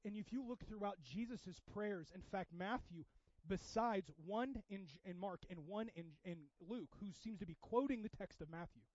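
A male pastor preaching a sermon, moving between hushed, quiet passages and loud, impassioned ones. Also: high-pitched, dry recording, highs cut off.

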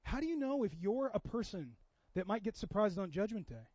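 A middle-aged man preaching a sermon, telling family stories with animated dialogue. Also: high voice, fairly quick, no room sound, muffled recording. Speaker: pastor.

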